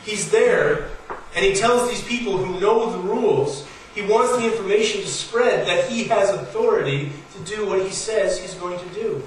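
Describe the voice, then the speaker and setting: A pastor preaching a sermon. He tells stories in a casual, conversational way and pushes his emphasis higher as he builds each point. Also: normal speed, few pauses. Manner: storytelling, conversational with rising emphasis. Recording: very echoey hall, voice from far off, faint noise.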